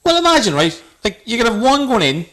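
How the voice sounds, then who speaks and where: Male podcast co-host, playful and teasing, very animated pitch. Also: brisk. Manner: playful, teasing, laughs often. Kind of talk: casual comedic chat.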